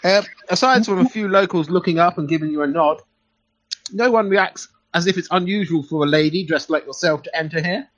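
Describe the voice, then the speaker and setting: A man's voice: high voice, a little fast, a bit bright. A man narrating a tabletop game as game master, playful and loose, with fillers. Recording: dull lo-fi recording.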